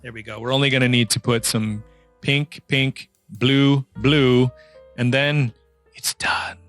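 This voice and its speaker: A man's voice: medium pitch, fairly even intonation, normal speed, fairly bright tone, faint music behind. A man narrating a casual drawing tutorial in a chatty, playful way, quizzing the viewer as he works. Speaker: drawing instructor.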